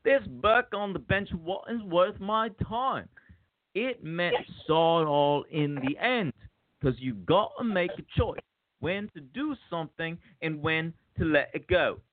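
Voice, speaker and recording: A man playing hard cockney ex-convict, menacing, animated pitch, phone-line tinny, dry. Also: no echo. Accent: Cockney (put on). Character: tough male Cockney ex-convict monologuing.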